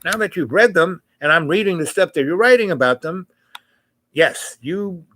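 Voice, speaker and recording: Man putting on a bright eager young woman. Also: high-pitched, expressive, moderate pace, slight background noise, voice pushed up.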